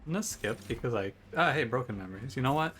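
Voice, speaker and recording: A man plays a video game in a room at home by a window, offering joking, wry commentary and mock trash-talk over game music. His mid-range voice moves at a quick pace with lively intonation and a somewhat bright sound.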